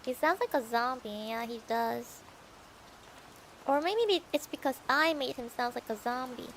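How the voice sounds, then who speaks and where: A woman's voice: high voice, normal speed, slight background noise, low-quality recording. A young woman reading a novel aloud for her stream, playful and adding her own comments between passages. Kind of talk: casual storybook reading with asides.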